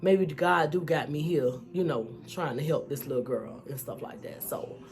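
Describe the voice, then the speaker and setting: A woman vlogger recounts her story straight to the camera. Her voice sits low and she speaks candidly and emphatically, circling back with "you know". Soft music plays faintly behind her. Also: normal speed. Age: adult, mother of school-age children. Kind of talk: personal storytelling vlog.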